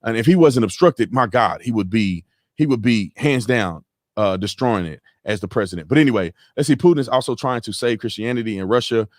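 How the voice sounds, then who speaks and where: A man hosting a casual livestream, talking in an animated, slangy way with lots of repeats. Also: fairly low pitch, fairly quick, no echo, clean studio sound. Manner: animated, repetitive, slangy, mimics sounds. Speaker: host.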